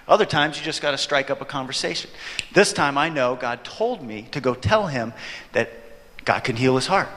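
A man preaching a sermon, telling a story with animated delivery and acting out his own reactions. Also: mid-range voice, normal speed. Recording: long hall reverb.

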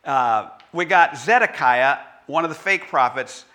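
Male preacher, conversational and animated, bright forward voice. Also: a little high, measured pace. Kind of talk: sermon with scripture reading.

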